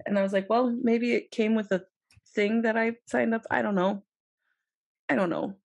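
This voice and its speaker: A woman's voice: a little high, steady tone, normal speed, creaky, a little mellow. A young woman co-hosting a podcast, bantering playfully and swearing in casual chat. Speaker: podcast co-host.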